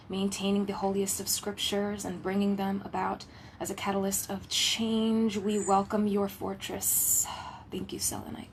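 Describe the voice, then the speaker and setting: A woman in the role of a spiritual healer delivers a channeled message from home, her voice sitting at an ordinary middle pitch. She moves through a reverent, list-like run of thanks, sometimes dropping to a hushed whisper, and breaks it up with light, playful asides. Faint ambient noise hangs under her voice. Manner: drops to a hushed whisper at times.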